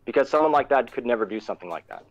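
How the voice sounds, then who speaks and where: A man talks through a point in a casual live online discussion, stopping and restarting his sentences as he explains. His voice sits at an everyday middle pitch. The call audio is dull and lo-fi. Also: animated, rapid-fire.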